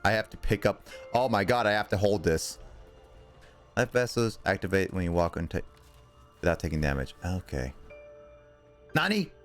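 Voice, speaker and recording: A man's voice: deep voice, normal speed. A man streaming a video game, chatting casually and reacting aloud as he plays. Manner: animated, reacting aloud to gameplay. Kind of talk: casual gaming commentary. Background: faint game music.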